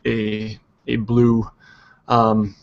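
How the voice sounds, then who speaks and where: A man narrating as game master of a tabletop game, halting with many pauses and fillers. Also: on the low side, completely flat delivery, vocal fry, dull audio.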